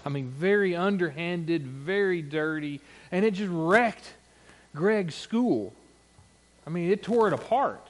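A man's voice: sits high, lively intonation, measured pace. A middle-aged man preaching a sermon, telling folksy, humorous stories and acting out the quotes in them. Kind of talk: sermon with storytelling.

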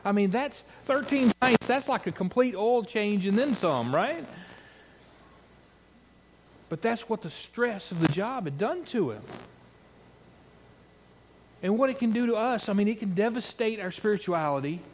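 A man's voice: high voice, animated, measured pace, long pauses, slight background noise. A middle-aged man preaching a sermon, telling folksy, humorous stories and acting out the quotes in them. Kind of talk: sermon with storytelling.

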